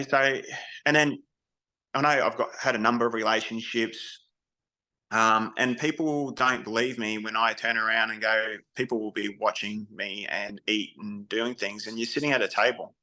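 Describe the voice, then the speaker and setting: An Australian man talks candidly as a guest on an interview, his voice bright and forceful, with a middling pitch. He tells his stories in a frank, loose way and often restarts his sentences as he goes. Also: fairly even intonation, moderate pace, rough recording. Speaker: podcast guest, army veteran. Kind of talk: casual interview storytelling.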